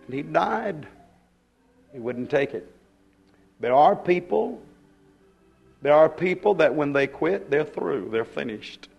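A man's voice: fairly high pitch, animated, takes it slowly, gravelly, pauses often, a little mellow, breathy edge, highs cut off. An older man, preaching a fervent, exhorting sermon.

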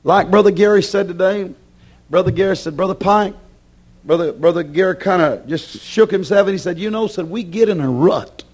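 A man preaching a sermon with passion, acting out his listeners' objections and swinging between loud declarations and hushed warnings. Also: sits high, moderate pace. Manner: voices imagined objections from the congregation.

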